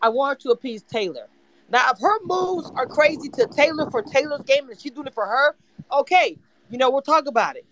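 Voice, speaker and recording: A man's voice: extremely high pitch, expressive, a little fast, fairly bright tone, dry recording, poor audio. A man hosting a live audio chat room, ranting in a profane, fired-up casual way. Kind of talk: heated casual fan talk.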